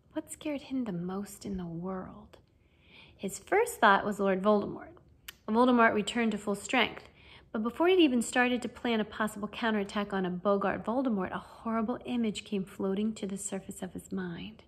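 A woman narrating a fan audiobook reading in an expressive storytelling manner. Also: medium pitch, normal speed, husky.

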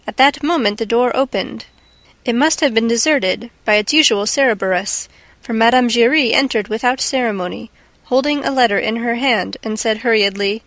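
A woman reads a classic novel aloud in a steady, measured way. Her voice sits fairly high and the recording is dry and close. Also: no room sound. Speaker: audiobook narrator. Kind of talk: scripted narration.

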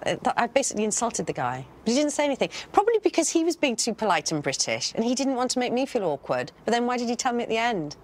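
A woman's voice: fairly high pitch, big pitch swings, fast, few pauses. Chatty woman telling an anecdote. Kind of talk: casual anecdote.

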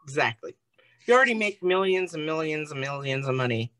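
A woman's voice: low-pitched, lively intonation, a little fast, fairly bright tone, rough recording. A woman co-hosting a podcast, bantering bluntly and jokingly in casual chat. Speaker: podcast co-host.

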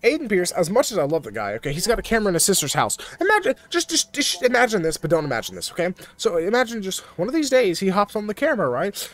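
A young man giving goofy, excitable commentary over his own video game playthrough, joking with his viewers. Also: high-pitched, fast, hardly any pauses, no room sound. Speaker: gaming YouTuber. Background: game music and sirens.

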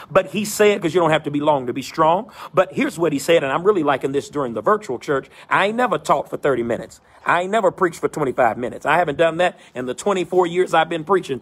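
Middle-aged male pastor, husky, slightly high voice, rhythmic repetitive sermon cadence, preaching outdoors. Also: fairly bright tone. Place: outdoors in the wind.

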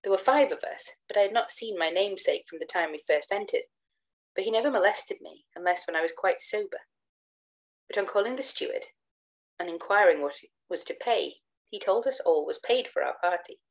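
A woman giving a dramatic reading of a classic tale, acting out the dialogue with shifts of pitch. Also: lively intonation, brisk, rough recording. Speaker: reader of gothic tales.

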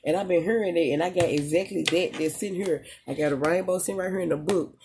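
Mellow-voiced chatty spiritual reader. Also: mid-range voice, a little hiss or hum. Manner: chatty, slangy, pauses to tune in; emotional at moments, talks straight to the audience. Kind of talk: casual channeled reading to viewers.

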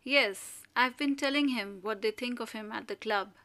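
A woman's voice: a little high, normal speed, sharp tone. A woman voicing a domineering middle-aged mother who speaks sharply and severely, raising her voice to scold her family. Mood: severe, commanding.

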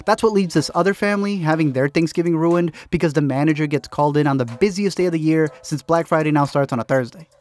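A man's voice: fairly high pitch, fast talker, hardly any pauses, darkish tone, soft background music. A man narrating a comedic movie recap, packing in wry jokes. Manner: wry, joke-packed delivery.

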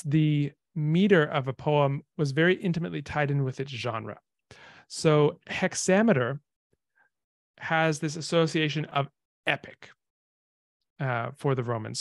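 Male lecturer, easygoing explainer, slight fry, dry close mic. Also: a little high, no room sound. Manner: relaxed and explanatory, with frequent ums. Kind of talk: informal lecture.

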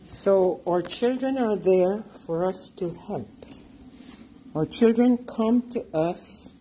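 Slow-spoken Jamaican woman. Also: medium pitch, mellow, slight background noise. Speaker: teacher and artist. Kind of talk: presentation talk about her artwork.

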